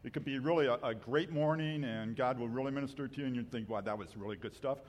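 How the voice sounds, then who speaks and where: A man's voice: medium pitch, a little mellow. A man preaching as a guest speaker in a church, joking about himself and stopping to restart his sentences. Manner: self-deprecating, joking, halting restarts. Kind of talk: sermon. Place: church sanctuary. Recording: long hall reverb.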